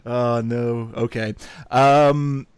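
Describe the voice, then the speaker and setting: A man from the UK hosts a podcast in an easy, casual way, pausing often on "uh" and "um" and laughing readily. His voice is mid-pitched and recorded dry and close, with no room sound. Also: steady tone, clear, resonant tone, no echo. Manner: laughs often, hesitant with many "uh"s. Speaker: podcast host. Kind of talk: casual chat.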